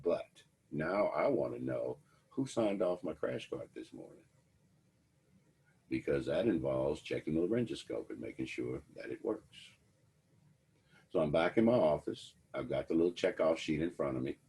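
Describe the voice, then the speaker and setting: Very deep-voiced man lecturing. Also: big pitch swings, moderate pace, gravelly, mellow, slightly rough. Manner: wry, conversational storytelling to students. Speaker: instructor. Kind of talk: lecture with personal anecdotes.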